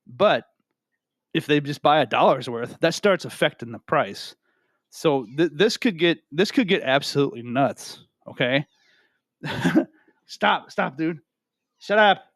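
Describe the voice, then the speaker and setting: A man's voice: fairly high pitch, expressive, normal speed, fairly bright tone, no room sound, studio quality. A man giving casual, rambling talk to camera from home, often asking "right?" and repeating himself. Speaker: crypto video host. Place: home room with a cat.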